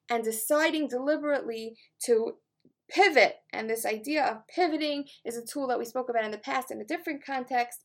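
A woman teacher and life coach giving a Torah lesson on a psalm, earnest and conversational, with casual fillers. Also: high-pitched.

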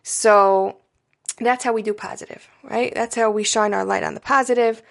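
Woman, parenting educator; mid-pitched, gravelly texture, chatty lesson delivery with "right?" check-ins. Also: steady tone, moderate pace. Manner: conversational, frequent "right?" and "you know" check-ins; warm coaching tone, speaking directly to parents. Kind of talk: casual spoken parenting lesson.

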